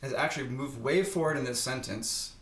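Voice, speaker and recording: A man's voice: mid-range voice, brisk, fairly bright tone, roomy sound, a little hiss or hum. A man teaching ancient Greek on a podcast, explaining patiently with frequent hesitations and restarts. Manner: thoughtful, hesitant, restarts mid-sentence.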